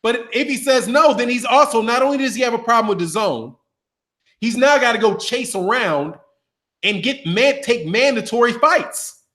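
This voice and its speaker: High-pitched man, boxing commentator, animated trash-talking rant. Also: normal speed. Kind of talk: casual rant to camera.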